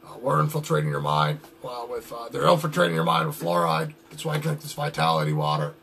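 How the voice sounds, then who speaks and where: Man doing a paranoid conspiracy radio host: lower voice, halting, stammering rant. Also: lively intonation, gravelly, a bit bright, a little hiss or hum, heavily acted.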